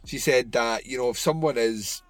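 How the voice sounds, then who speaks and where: A man's voice: mid-range voice, moderate pace, no echo. Casual rambling man on a podcast. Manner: rambling, loose, with fillers and swearing. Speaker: podcast co-host. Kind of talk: casual movie review chat.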